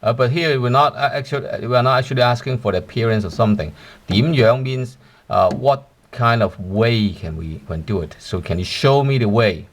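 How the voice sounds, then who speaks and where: A man's voice: medium pitch, normal speed. A man gives a language lesson, explaining step by step. He pads his talk with "uh" and checks in with "right?" after nearly every point. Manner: explanatory, with frequent fillers and tag questions. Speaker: language teacher.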